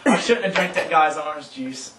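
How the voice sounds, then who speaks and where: A young Southern man casually telling a profane, animated story to friends, laughing often and yelping through his quoted outbursts, recorded from far off in an echoey room. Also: a little high, normal speed. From South Carolina, US. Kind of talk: casual anecdote among friends. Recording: echoey room, mic from far off, faint noise.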